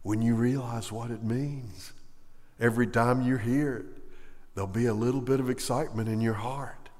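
A man's voice: medium pitch, steady tone. Man preaching in a reverberant hall. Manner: swings between loud emphatic lines and hushed, slow ones. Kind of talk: sermon.

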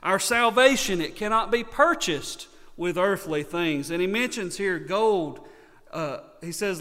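A man's voice: high voice, fairly bright tone, long reverb tail. A man from North Carolina with a Southern accent, preaching a sermon earnestly and repeating key points for emphasis. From North Carolina, USA. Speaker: pastor.

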